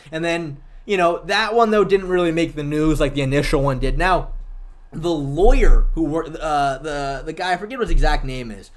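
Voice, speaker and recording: A man's voice: fairly high pitch, moderate pace. A man hosting a livestream, chatting casually and argumentatively with viewers and swearing freely. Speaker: livestream host.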